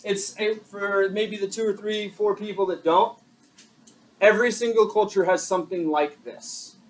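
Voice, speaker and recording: Chatty high-voiced male teacher, far off. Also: fairly even intonation, normal speed. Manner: chatty, self-deprecating, asks the class questions. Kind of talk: classroom lecture. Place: classroom. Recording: distant mic with faint classroom noise.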